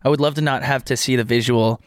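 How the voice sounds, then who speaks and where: A man's voice: medium pitch, fairly even intonation, no echo. A young man co-hosting a podcast, chatting casually with jokes and rambling asides. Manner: joking, rambling, quick asides. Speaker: podcast co-host. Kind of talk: casual chat.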